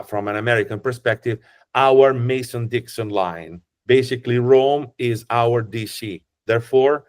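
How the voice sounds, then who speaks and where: A man with an Italian accent, a tour guide who explains in a chatty, joking way with frequent restarts. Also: medium pitch. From Italy. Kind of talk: casual explanatory talk.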